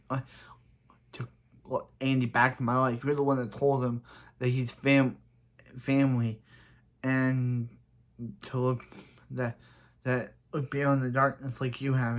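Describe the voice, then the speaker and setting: A young man casually recapping and ranting about a TV episode, rambling with many restarts and growing heated. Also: medium pitch. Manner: rambling, repeats "he's like" and "so yeah", heated. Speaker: TV episode reviewer.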